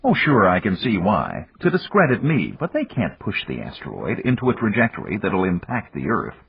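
Guy voicing a blunt defiant space tycoon, husky low voice, lively swings in pitch. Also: normal speed, full character voice. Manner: blunt, combative. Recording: dull lo-fi audiobook recording.

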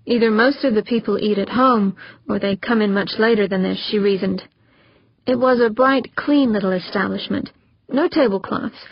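A woman's voice: mid-range voice, no room sound, lo-fi sound. Woman narrating an audiobook, dry sound. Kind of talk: scripted narration.

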